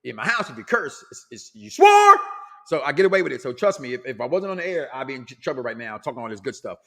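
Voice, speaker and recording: A middle-aged man hosting a casual talk show, loud and animated, reading out listener comments and laughing often. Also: mid-range voice, racing. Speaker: podcast host.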